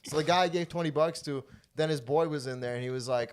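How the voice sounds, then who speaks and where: A young man, a comedian hosting a podcast, telling a crude story in a loose, animated way and acting out what people said. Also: a little high, fast talker. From Toronto, Canada. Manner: animated, crude, acts out quotes.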